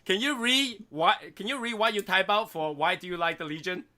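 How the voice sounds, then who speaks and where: A man's voice: sits high, normal speed, sharp tone. A man hosting a casual group chat stream, laughing often as he talks. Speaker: stream host.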